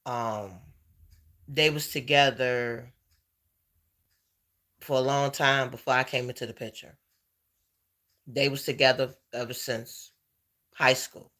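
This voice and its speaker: A man in a heartfelt personal chat with his viewers, tearful, halting and emotional. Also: medium pitch, steady tone, bright, forceful tone. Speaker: vlogger.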